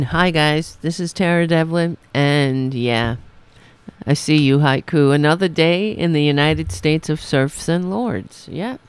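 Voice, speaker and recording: A woman's voice: low-pitched, a little slow, clear, resonant tone. A woman hosting a casual live-stream talk show, flustered, swearing and stumbling over her words. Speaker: host.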